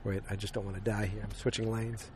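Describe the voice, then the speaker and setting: A man's voice: fairly low pitch, level tone, fast, slight background noise. A man hosting a podcast, casually recapping a film in a rambling, hesitant way, full of ums and restarts, and acting out the quoted lines. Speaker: podcast host.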